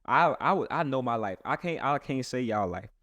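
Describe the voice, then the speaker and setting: A man's voice: mid-range voice, expressive, normal speed, fairly bright tone, dry recording, lo-fi sound. A man who is a pastor, talking earnestly and casually in a rambling way with many restarts. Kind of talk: casual podcast chat.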